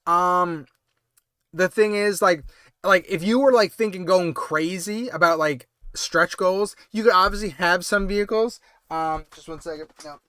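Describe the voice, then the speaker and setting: A man's voice: high voice, unhurried, pushed and bright, clean tone, no room sound, clean studio sound. A man hosting a late-night toy-collecting livestream, chatting casually and rambling with lots of hedges and fillers. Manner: rambling, hedging with many ums and I means. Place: home, late-night stream.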